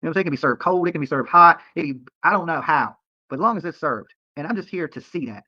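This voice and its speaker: Fast, heated man ranting on stream. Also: on the high side, expressive, no room sound. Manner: profane, heated, repetitive. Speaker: live-streaming YouTuber. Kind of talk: late-night livestream rant. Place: hotel room. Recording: dull lo-fi stream audio.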